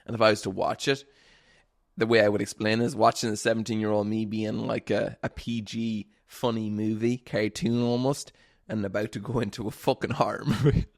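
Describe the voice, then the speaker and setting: A man's voice: fairly low pitch, little pitch movement, a little fast, creaky. A young man hosting a solo podcast, telling stories in a rambling, casual way, swearing freely and laughing often. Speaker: podcast host.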